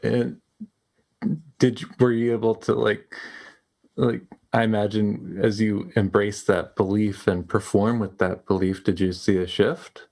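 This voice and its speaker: A man hosting a podcast, asking a guest questions in a slow, affirming way. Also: lowish voice, little pitch movement, gravelly, darkish tone. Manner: slow, brief affirming responses. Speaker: podcast host. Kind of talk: casual interview.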